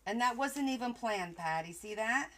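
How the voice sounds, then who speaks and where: A woman's voice: on the high side, expressive, moderate pace, fairly bright tone. A woman hosting a crafting livestream late in the day, chatting casually with viewers by name and sounding tired. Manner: chatty, addresses viewers by name, trails off and restarts. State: tired at the end of a long day.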